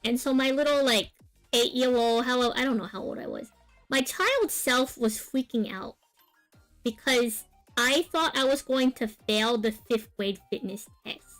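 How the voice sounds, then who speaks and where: A woman's voice: a little high, steady tone, unhurried, fairly bright tone, soft background music. A young woman streamer telling a long personal story in a rambling, casual way, full of fillers and asides. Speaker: art streamer. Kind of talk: casual chat while drawing on stream.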